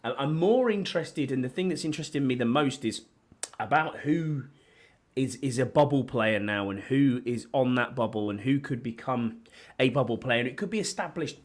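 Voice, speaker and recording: A man's voice: mid-range voice, lively intonation, moderate pace. A man from the northeast of England with a northern English accent, co-hosting a casual podcast chat while worn out by a flu, rambling with many restarts. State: tired with a flu. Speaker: podcast co-host.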